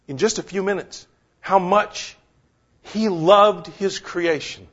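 A man's voice: sits high, slow, pauses often, fairly bright tone. A man preaching a sermon, emphatic, repeating words for stress and asking the listeners questions. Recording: dull lo-fi recording.

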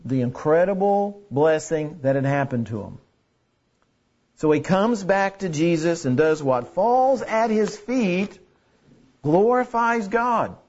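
A man's voice: on the high side, darkish tone, husky, lo-fi sound. A man preaching a sermon in an earnest way, repeating key phrases for emphasis. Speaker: pastor.

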